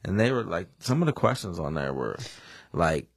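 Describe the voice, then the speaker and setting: A man's voice: deep voice, big pitch swings, moderate pace, creaky, slightly rough, no echo, studio quality. A man hosting a casual podcast chat, blunt and joking.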